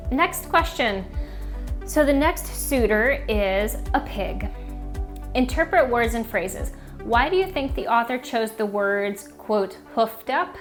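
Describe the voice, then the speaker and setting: A woman in a middle pitch talks through a children's book like a teacher, loose and chatty, peppering her speech with "um" and "like". Faint music plays softly underneath her. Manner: chatty, many fillers like "um" and "like". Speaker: reading teacher. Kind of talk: casual explanation of a picture book.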